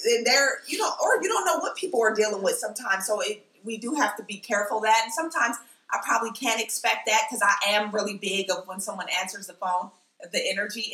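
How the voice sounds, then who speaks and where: Woman guest, bright voice, lively storyteller, echoey room. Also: medium pitch, a little fast. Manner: animated storyteller who acts out the people she quotes. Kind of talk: casual chat.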